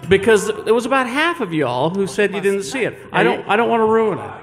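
A man hosting a live panel in a relaxed, rambling way with many fillers. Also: high voice, fairly quick, soft background music. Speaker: panel host. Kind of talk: casual live panel chat. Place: large hall with live audience. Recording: echoey hall, faint room noise.

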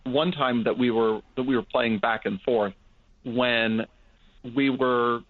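A man's voice: mid-range voice, steady tone, slow pace. An enthusiastic man co-hosting a casual podcast, with geeky, joking banter. His voice comes through thin and phone-like. The sound is very dry, with no room echo at all. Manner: enthusiastic, jokey geek banter. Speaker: podcast co-host. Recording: tinny phone-like line, dry.

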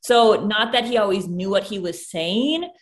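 A woman's voice: mid-range voice, expressive, normal speed. A young woman speaking candidly in a casual conversation, open and emotional as she recalls early motherhood. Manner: candid, emotional, tearful at times.

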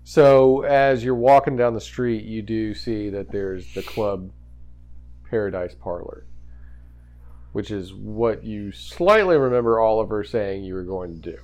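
Gravelly-voiced male game master. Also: on the low side, measured pace, a little mellow. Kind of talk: narrating a tabletop game.

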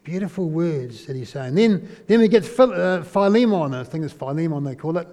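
A man's voice: a little high, animated, moderate pace, warm tone. A man giving a conversational sermon, often asking listeners questions and tagging lines with "eh?". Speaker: preacher. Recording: long hall reverb.

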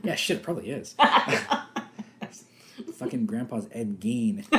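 A man chatting through a movie commentary, jokey and quick to laugh. His pitch swings widely as he talks. He keeps dropping into impressions. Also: gravelly, a little hiss or hum. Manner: animated, jokey, laughs often and slips into impressions. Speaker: podcast co-host. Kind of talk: casual movie commentary chat.

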